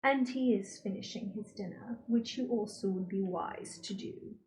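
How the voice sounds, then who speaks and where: A woman reading a novel aloud as an audiobook narrator, giving the dialogue expressive voices. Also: medium pitch, moderate pace, low-quality recording. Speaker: audiobook reader.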